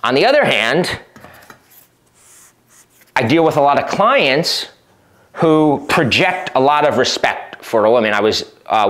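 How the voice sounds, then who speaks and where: A man's voice: mid-range voice, a bit bright. A man coaching on dating, speaking conversationally and often checking in with "right?" while he acts out short exchanges. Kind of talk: advice talk to camera.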